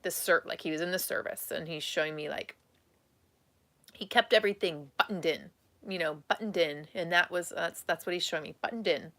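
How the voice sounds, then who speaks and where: A woman psychic medium gives a live reading in a fairly low, pushed and bright voice. She speaks haltingly and emotionally, restarting often, and is at times tearful.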